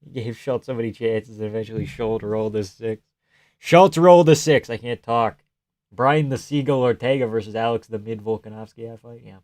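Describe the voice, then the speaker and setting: A man's voice: on the low side, fairly even intonation, brisk, a little mellow, dry recording. A young man hosting a live stream, casually chatting and reading viewer comments aloud, swearing freely and laughing often.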